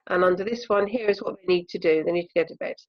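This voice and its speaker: An English woman, a language teacher, giving a recorded remote lesson with patient, clear explanations and frequent pauses. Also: lowish voice, dull audio.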